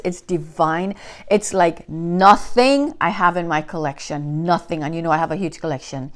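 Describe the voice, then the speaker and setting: A woman's voice: fairly low pitch, moderate pace. A woman reviewing fragrances in a casual chat to camera, telling stories with lots of enthusiasm. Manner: enthusiastic, animated storytelling. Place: Canada.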